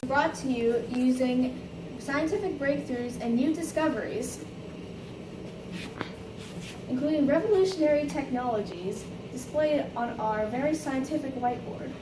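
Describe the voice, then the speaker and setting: A woman's voice: sits high, measured pace. A woman announcing in a cold, formal manner. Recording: echoey room, far mic, hiss.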